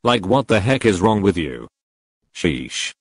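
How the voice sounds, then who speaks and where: A male text-to-speech voice reading and reacting to fan confessions, with an emotionless, flat manner. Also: sits low, slow, noisy background. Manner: emotionless, flat synthetic delivery.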